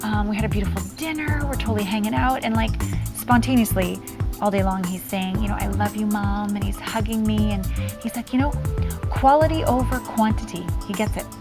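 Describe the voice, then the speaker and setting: A woman's voice: mid-range voice, fast talker, music in the background. A middle-aged woman talking in a casual diary vlog, rambling and heartfelt with many ums, recorded outdoors on a handheld camera. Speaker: vlogger. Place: outdoors near trees.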